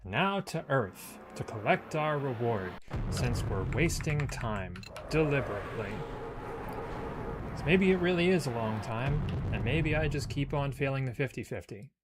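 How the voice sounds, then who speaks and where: A man playing a space game, chatting casually and reading its story text aloud, with relaxed muttered asides. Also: medium pitch, measured pace, very noisy. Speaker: let's play host.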